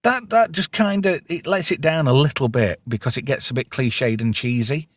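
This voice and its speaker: A man's voice: medium pitch, moderate pace. A man hosting a casual film review chat, retelling the plot and quoting lines with gusto. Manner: recaps plot with lively quoted lines and frequent laughs. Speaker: podcast host.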